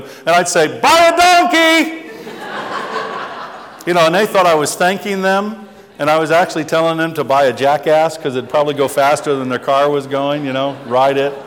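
Man preaching, echoing church hall. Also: a little high. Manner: chatty, self-deprecating storyteller with many restarts. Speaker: pastor. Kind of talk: conversational sermon with humor. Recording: long hall reverb.

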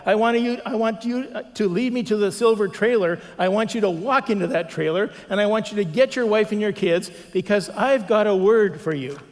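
A man's voice: sits high, brisk, few pauses, lightly acted. A man acting out a bold man urgently confronting a stranger, speaking insistently in a large reverberant hall. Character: bold middle-aged man preaching to a stranger.

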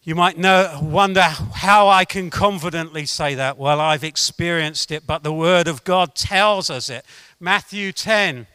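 Bright, emphatic preacher man. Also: fairly high pitch, unhurried, smooth, no room sound, studio quality. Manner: animated, emphatic storyteller. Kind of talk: sermon with storytelling. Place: meeting room with an audience.

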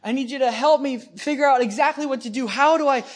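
A man's voice: very high voice, quick pace, pitched above the performer's own voice. A man voicing a distressed man who pleads urgently for advice. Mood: pleading.

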